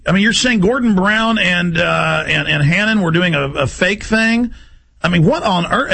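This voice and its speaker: Gravelly, combative male radio host. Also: high-pitched, lively intonation, sharp tone. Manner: combative, exasperated, rapid questioning. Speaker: radio talk show host. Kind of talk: heated call-in radio talk.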